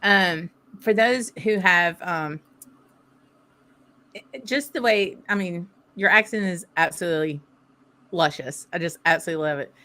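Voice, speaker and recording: A woman's voice: on the low side, normal speed, long pauses, sharp tone. A woman with a Southern American accent hosting a casual whisky tasting chat, thinking aloud and laughing often. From southern United States. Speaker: host.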